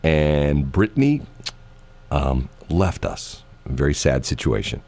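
A man's voice: very deep voice, lively intonation, takes it slowly, darkish tone. A middle-aged man hosting a morning radio show, rambling in casual chat and laughing often, recorded in a radio studio.

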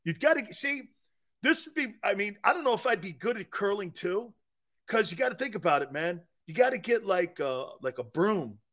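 A man hosts a sports talk show with an animated, high-pitched voice that swings up and down. His tone is bright and forceful, and his pace is unhurried. He wanders through jokes and side stories, laughing often. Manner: joking, laughs often, rambling asides.

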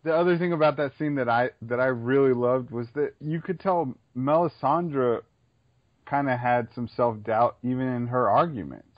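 A man's voice: mid-range voice, moderate pace, no room sound. A man co-hosting a casual podcast, talking enthusiastically through a TV scene and often repeating himself as he thinks. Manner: enthusiastic, analytical, repeats phrases. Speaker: podcast co-host. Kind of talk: casual TV recap chat. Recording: dull lo-fi sound, dry room.

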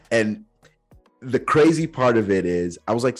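Low, husky-voiced man telling a story. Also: lively intonation, normal speed, faint music behind. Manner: earnest, reflective, slips into casual slang. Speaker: podcast host. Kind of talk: personal storytelling.

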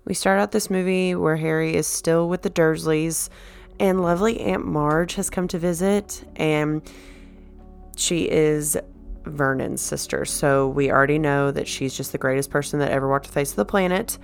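Low, gravelly-voiced woman recapping a movie. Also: steady tone, faint music behind. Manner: chatty, sarcastic, quick quoted voices.

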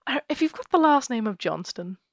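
A woman's voice: high voice, big pitch swings, a little fast, no echo, clean studio sound. A woman co-hosting a podcast, chatting casually and laughing often as she retells a ghost story. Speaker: podcast co-host.

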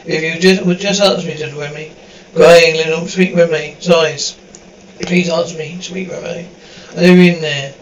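A man's voice: fairly high pitch, steady tone, moderate pace, a little hiss or hum, natural voice, rough recording. A man reading the part of an obsessive, doting middle-aged mother who pleads and coaxes. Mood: pleading. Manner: pleading, cloying.

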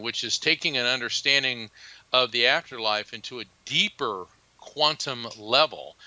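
A man being interviewed as a psychic medium, telling a personal story in an earnest, halting way, with many restarts and fillers. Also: mid-range voice, pushed and bright, dry recording, poor audio.

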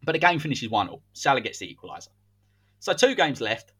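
A man's voice: mid-range voice, very animated, fairly quick, a bit bright, husky. A man, hosting a podcast and telling a football story in a casual, dramatic way. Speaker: podcast host.

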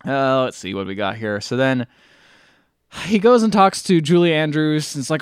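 A man's voice: mid-range voice, big pitch swings, normal speed, clear, resonant tone, no room sound, clean studio sound. A young man co-hosting a podcast, casually recapping a movie and acting out the characters' lines in silly voices. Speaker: podcast co-host.

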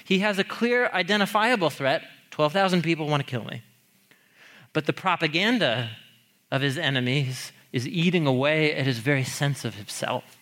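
A fairly high-pitched man preaches on the Psalms at a moderate pace; his teaching is conversational and animated, with stressed key points and the odd laugh.

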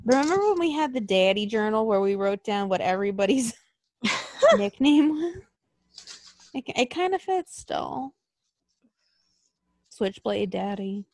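A woman in casual chat, telling rambling, animated stories full of swearing. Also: medium pitch, normal speed, no room sound. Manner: profane, rambling and animated storytelling.

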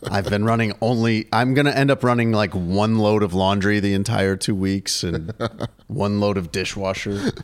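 A man's voice: fairly low pitch, fairly even intonation, measured pace. A man co-hosting a casual sports podcast, chatty and rambling, laughing often between asides. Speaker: podcast co-host.

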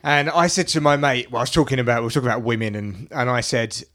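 A man's voice: medium pitch, fast, a bit bright. A man hosting a casual chat, telling a story and laughing often as he goes. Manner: laughs often, slips into acted voices in his stories.

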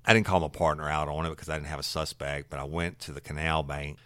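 A man's voice: a bass voice, steady tone, fast, bright, forceful tone, no room sound. A man, a former detective, telling an old case in a laid-back, casual way, swearing now and then. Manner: laid-back, swearing, acts out quoted voices. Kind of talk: casual storytelling.

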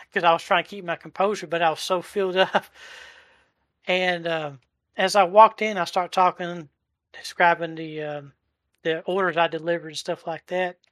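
A man in his forties giving a heartfelt personal testimony, halting and searching for words as he goes. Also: high voice, bright, forceful tone, dry recording, clean studio sound. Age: 40s. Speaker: delivery driver sharing a testimony. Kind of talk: emotional personal testimony in a live chat.

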